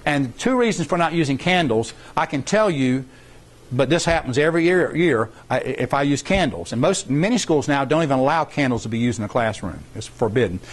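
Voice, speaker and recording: Guy teaching a science workshop, folksy and rambly, repeats stuff, middle-aged, medium pitch. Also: lively intonation, a little fast. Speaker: science competition workshop instructor. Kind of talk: informal classroom explanation.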